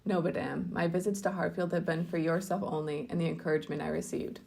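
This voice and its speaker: A woman's voice: fairly low pitch, flat delivery, fast, vocal fry, mellow. A woman reading the part of a conceited young clergyman, effusive and pompous in his declarations. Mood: ardent.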